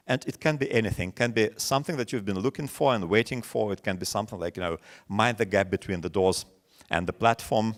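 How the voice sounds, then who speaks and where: Russian-accented guy in his 40s, low voice but really animated, teacher-trainer webinar talk with lots of little stories. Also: brisk. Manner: storytelling with many examples, animated quoting. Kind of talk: webinar lecture.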